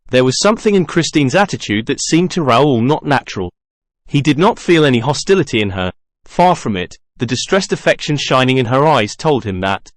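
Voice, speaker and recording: Measured male audiobook narrator. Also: mid-range voice, big pitch swings, dry recording, clean studio sound. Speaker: audiobook reader. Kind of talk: scripted narration.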